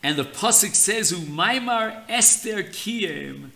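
A man giving a slow, deliberate Torah lesson on a holiday theme, speaking with an of terms. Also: high voice, expressive, bright, forceful tone. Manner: slow, deliberate teaching, mixing Hebrew terms. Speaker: rabbi teaching Torah.

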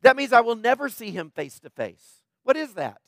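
A man's voice: very high voice, big pitch swings, normal speed, fairly bright tone, no room sound, studio quality. A man preaching a conversational sermon, emphatic and plainspoken, often checking in with the listeners. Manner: emphatic, tags points with "right?". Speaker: pastor.

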